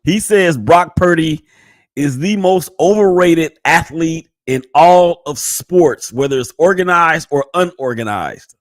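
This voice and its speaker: A man hosting a sports podcast, jokey and quick to move the talk along. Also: fairly high pitch, no echo. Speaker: podcast host. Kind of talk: casual sports chat.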